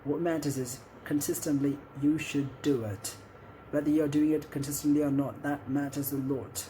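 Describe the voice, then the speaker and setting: Mellow-voiced Indian man coaching accents. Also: fairly high pitch, level tone, moderate pace, a little hiss or hum, low-quality recording. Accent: Indian English. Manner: encouraging, repeats "okay?" to check in. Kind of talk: instructional talk to camera.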